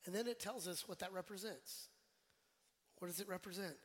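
A male pastor preaching a sermon in a relaxed, conversational way, putting questions to the congregation and joking with them. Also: sits high, a little fast. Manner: conversational, quizzes the congregation, jokes. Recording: long church hall reverb.

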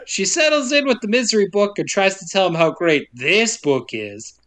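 A man with a bright, slightly high voice tells a movie story for a podcast. He acts out the characters' lines with playful, swearing humor. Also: expressive, measured pace. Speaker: podcast co-host. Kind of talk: casual movie recap chat.

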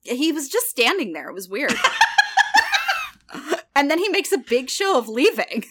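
A woman's voice: sits high, big pitch swings, unhurried, a bit bright, a little hiss or hum. A woman co-hosting a podcast who chats casually about a TV episode with playful, wry asides. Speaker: podcast co-host.

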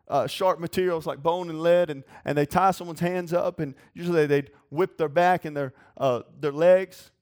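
A man's voice: a little high, darkish tone. A man preaching a sermon in a folksy, earnest way. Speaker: pastor.

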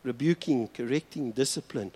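A man, preaching a sermon in a church hall with earnest, slow, emphatic repetition. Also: mid-range voice, dark tone, husky. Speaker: pastor.

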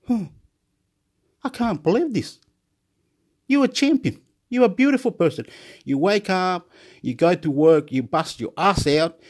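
A man from Chile with a somewhat high voice, rambling through a loose monologue. He lurches from loud, excited boasting down to quiet muttering, looping the same words again and again and laughing to himself.

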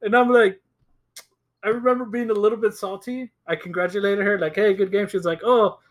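A man's voice: sits high, brisk. A young man co-hosting a casual podcast, telling a story with lots of laughing and acted-out quotes. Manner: animated storytelling, acts out quotes, laughs often. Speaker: podcast co-host. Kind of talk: casual chat.

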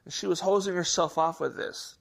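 Man telling a story in a gravelly voice. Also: high voice. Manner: halting, with many restarts and fillers; gets animated at the story's peak. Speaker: podcast host. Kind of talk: casual storytelling.

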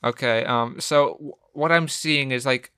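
A man's voice: mid-range voice, measured pace, sharp tone, smooth, dry recording, studio quality. A man co-hosting a film podcast, joking and stumbling through restarts in casual chat. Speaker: podcast co-host.

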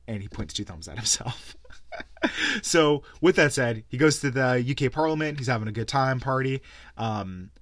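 A man's voice: fairly low pitch, fairly bright tone, no echo. Tired, sarcastic male podcast host. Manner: sarcastic, swears freely, laughs mid-sentence. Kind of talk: casual rant.

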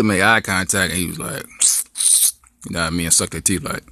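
A man hosting a podcast, telling a comic story in a casual, animated way with many asides. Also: low voice, fairly quick, no echo. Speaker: podcast host.

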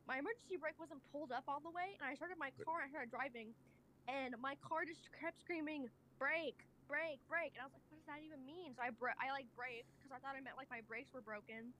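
A woman's voice: high voice, quick pace, fairly bright tone, slight background noise. A young woman telling a story in casual chat as a podcast guest, rambling sheepishly with lots of filler words. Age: young adult. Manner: rambling and sheepish, heavy use of 'like'.

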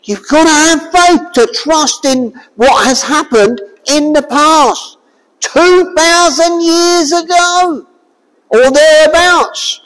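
A preacher delivering a sermon, firing rhetorical questions at the listeners and raising the voice to a shout at times. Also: high-pitched, slow. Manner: forceful, raises voice to a shout at times. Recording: long hall reverb.

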